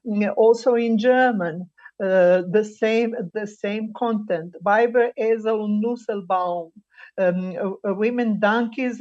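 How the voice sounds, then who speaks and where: A woman speaking at a mid pitch gives an online academic presentation. She moves through her examples haltingly, pausing on fillers as she reads each quote. Her voice comes over a slightly muffled video-call line. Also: a little mellow. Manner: halting, many filler pauses while reading quotes. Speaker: conference speaker.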